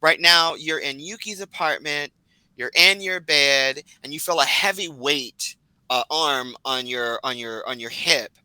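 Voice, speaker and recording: Male game master, very bright voice, slightly high, lively descriptive narration. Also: measured pace, smooth, no room sound, rough recording. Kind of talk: narrating a role-play scene.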